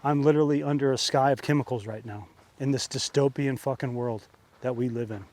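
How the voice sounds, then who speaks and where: Outdoors under an open sky, a vlogger rants angrily and profanely, fired up and sweating, repeating himself for emphasis. His voice is medium-pitched and a little mellow, with fairly even intonation and a slightly fast pace.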